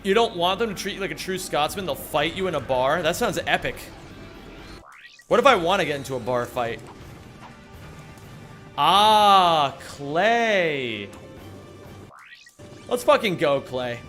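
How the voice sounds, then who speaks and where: A man's voice: fairly high pitch, expressive, measured pace, long pauses, a bit bright, faint music behind. A young man live-streaming a game, joking around casually and greeting viewers by name. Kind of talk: casual live-stream chat while gaming.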